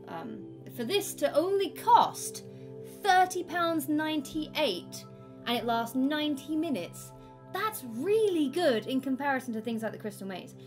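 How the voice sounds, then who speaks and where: A woman chatting casually as a guest, bubbly and gushing about games. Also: high voice. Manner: bubbly, gushing, quick to laugh. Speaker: guest co-host. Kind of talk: casual chat.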